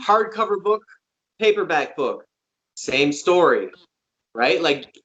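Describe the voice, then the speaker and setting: A man's voice: fairly high pitch, sing-song, takes it slowly, fairly bright tone, low-quality recording. A man with a Canadian accent co-hosting a casual video call chat, often ending with a questioning tag. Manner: chatty, tags sentences with "right?". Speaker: podcast co-host.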